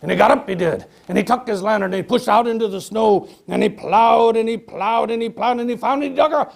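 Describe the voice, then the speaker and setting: A man telling a ghost tale in folksy dialect on stage, with dramatic pauses and swings from a hush to near shouting. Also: high-pitched, gravelly. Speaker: storyteller performing as a 19th-century author. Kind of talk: theatrical one-man stage storytelling.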